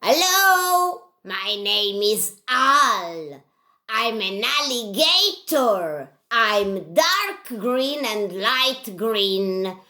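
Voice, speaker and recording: A woman's voice: a little high, sing-song, extremely slow, sharp tone, exaggerated voice. A woman doing a friendly puppet alligator.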